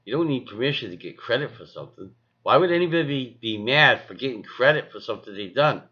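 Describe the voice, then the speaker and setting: A man's voice: medium pitch, animated, fast, muffled recording. A man rambling in a casual vlog, repeating himself and talking to his cat and his viewers. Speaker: vlogger. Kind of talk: casual vlog talk to camera.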